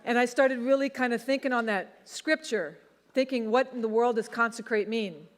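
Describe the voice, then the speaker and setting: A middle-aged woman pastor preaching a sermon, telling a personal testimony in a conversational, animated way. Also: on the high side, moderate pace. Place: church sanctuary. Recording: long church hall reverb.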